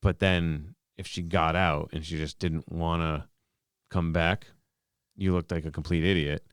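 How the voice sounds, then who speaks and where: A man on a casual podcast chat, telling relaxed, amused stories. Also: low voice, measured pace, clear, resonant tone, no room sound, studio quality. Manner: laid-back storyteller.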